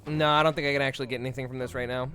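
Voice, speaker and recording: A man's voice: medium pitch, little pitch movement, rapid-fire, bright, forceful tone, faint music behind. A man streaming a game, thinking aloud in a playful, rambling way and swearing casually as he talks to chat.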